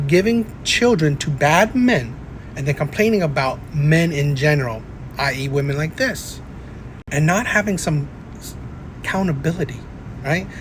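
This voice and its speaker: A man's voice: a little high, a little hiss or hum. A man hosting reaction commentary, ranting and tagging his points with "right?". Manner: ranting, keeps asking "right?". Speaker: commentary host. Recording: echoey room.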